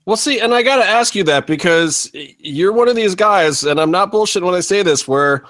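A man's voice: sits high, expressive, fairly quick, fairly bright tone, no room sound. A man hosting a casual interview, asking rambling, blunt questions with some swearing. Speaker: podcast host. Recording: dry close sound.

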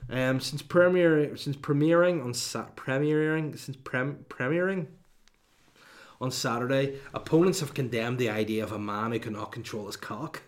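A man in his thirties, mid-pitched and talking casually as he riffs through a comic monologue. His delivery is sweary and digressive, full of asides and mock indignation. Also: moderate pace. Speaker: comedy podcast host.

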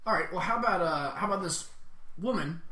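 A man co-hosting a podcast in casual chat, joking and breaking into loud bursts. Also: high voice, animated, a little fast, echoey room. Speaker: podcast co-host.

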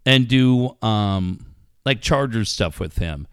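Animated, storytelling radio host man. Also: fairly low pitch, slow pace, smooth, no echo, clean studio sound. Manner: storytelling with profanity and acted-out quotes. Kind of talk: casual podcast banter.

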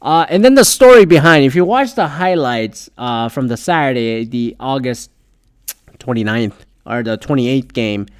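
A man's voice: mid-range voice, expressive, moderate pace, smooth, no room sound, studio quality. Rambling, foul-mouthed young man. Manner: rambling, heavy swearing, frequent fillers. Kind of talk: casual storytelling.

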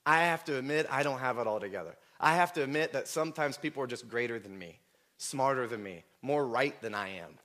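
A man preaching a sermon, earnest and emotional, telling personal stories and at times rising almost to a shout. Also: medium pitch, animated, a little fast. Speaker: pastor.

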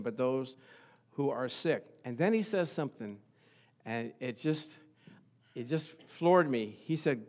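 A middle-aged male pastor preaching a sermon to his congregation, chuckling at times and building to loud, fervent passages of scripture. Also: medium pitch, lively intonation, normal speed. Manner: chuckles often, talks to the congregation.

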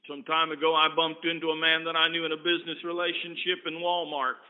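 Male preacher with a high voice, earnest camp-meeting storyteller, thin lo-fi tape. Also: monotone, quick pace. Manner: earnest anecdotes that swing from loud to hushed. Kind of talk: storytelling sermon. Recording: tinny phone-like recording.

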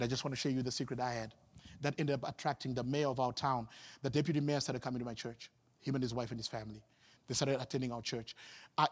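A man from Zimbabwe preaching a sermon as a pastor, animated, swinging from loud exclamations to quiet asides. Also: mid-range voice, long reverb tail.

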